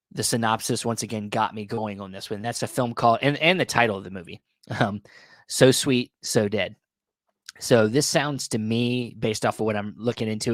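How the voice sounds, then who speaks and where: Man, low voice, casual vlog talk, rambling with restarts, slightly worn voice, dry close sound. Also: dry recording. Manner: rambling, many restarts and fillers, enthusiastic. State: losing his voice. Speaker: video host reviewing Blu-ray purchases.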